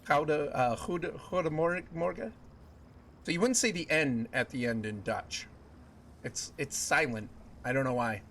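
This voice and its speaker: A man's voice: fairly high pitch, unhurried, a bit bright, slight background noise. A man streaming a video game live, joking with his chat and laughing often. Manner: jokey, laughs often, chats with viewers.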